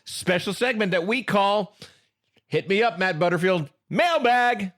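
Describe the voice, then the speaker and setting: A man co-hosting a comedy podcast, joking in mock indignation and quick to laugh. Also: high-pitched, lively intonation, fairly bright tone. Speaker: podcast co-host. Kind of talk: comedic banter.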